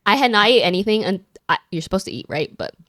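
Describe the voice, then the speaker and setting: A young woman co-hosting a podcast, telling stories in a casual, animated way with lots of fillers. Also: mid-range voice, fast talker, no room sound, studio quality. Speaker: podcast co-host. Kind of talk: casual chat.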